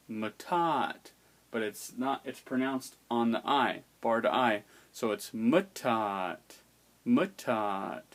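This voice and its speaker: Man, language teacher; slow and patient, sounds things out one by one. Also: mid-range voice. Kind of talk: explaining an alphabet's pronunciation.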